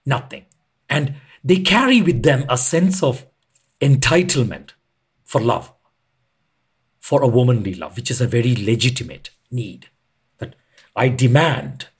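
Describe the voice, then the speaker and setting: A man with a husky, slightly breathy voice talks as a podcast guest. His pitch rises and falls in an animated way as he explains, earnest and emphatic, with pauses for weight. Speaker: podcast guest, retreat leader. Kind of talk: reflective conversational explanation.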